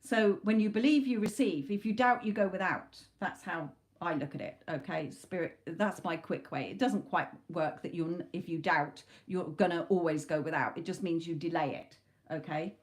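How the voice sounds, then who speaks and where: A woman's voice: lowish voice, normal speed. Chatty woman giving a tarot talk. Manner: chatty, emphatic, swears casually. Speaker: tarot reader. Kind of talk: live-stream spiritual talk.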